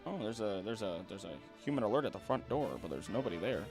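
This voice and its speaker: A young man casually commenting on his gameplay while he streams, chatty and animated, with sudden loud outbursts. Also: lowish voice, fast talker, music in the background. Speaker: streamer playing a video game.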